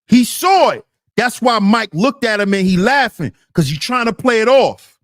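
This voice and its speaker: A man gives reaction commentary, repeating himself for emphasis and calling out to his chat. His pitch swings widely as he talks. The sound is dry and close. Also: expressive, moderate pace, no echo.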